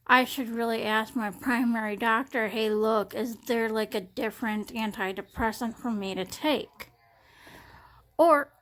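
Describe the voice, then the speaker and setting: Young woman, casual phone vlog, slightly high voice, rambling with lots of restarts. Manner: rambling, halting, many fillers and restarts. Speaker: vlogger. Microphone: smartphone.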